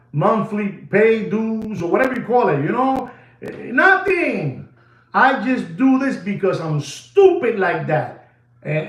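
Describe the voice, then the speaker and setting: The host of a watch channel rambles and lectures in a high-pitched, fairly bright voice, repeating himself for emphasis. It's a rambling video monologue recorded in an echoey room.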